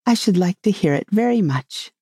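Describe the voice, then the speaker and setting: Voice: mid-range voice, lively intonation, moderate pace, darkish tone, slightly rough, dry recording, clean studio sound, voice pushed up. A storybook reader voicing a polite, curious young girl who asks earnest questions in a raised voice.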